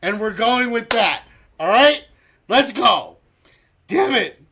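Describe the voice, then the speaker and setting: A man's voice: very high voice, lively intonation, slow, gravelly. A man hosting a live stream, playfully announcing players as they drop out of a game, often laughing. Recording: loud crowd and noise behind.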